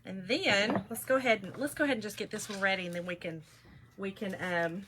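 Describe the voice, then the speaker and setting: A woman's voice: medium pitch, a little fast, slightly rough. A woman telling a story casually to viewers while she works on a craft project. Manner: chatty, animated, addresses viewers as y'all. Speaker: craft vlogger.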